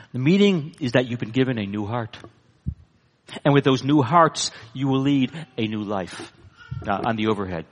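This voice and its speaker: A man preaching a sermon, emphatic, swinging from high bursts down to low, weighty lines. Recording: long hall reverb.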